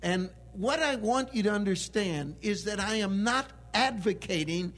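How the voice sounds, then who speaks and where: A man preaching a sermon with emphatic delivery that swells into loud proclamation. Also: sits high, expressive, a little slow, hardly any pauses.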